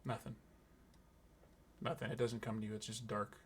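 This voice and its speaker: A man, the game master, narrating a tabletop game in a slow, hushed, deliberate way. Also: fairly low pitch, level tone, slight background noise.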